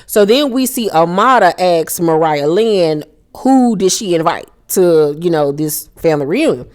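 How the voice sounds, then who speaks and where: A woman's voice: on the low side, expressive, a little slow, a little mellow. A young woman casually recapping a reality show episode, blunt, profane and sassy in her commentary.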